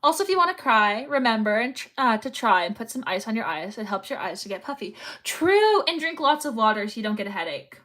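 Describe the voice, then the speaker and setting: Young woman, live-stream chatter, rambling; bright, lively, swooping voice. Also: on the high side, quick pace, hardly any pauses. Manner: chatty, rambling, reads chat messages aloud. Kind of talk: casual chat while sewing on a livestream.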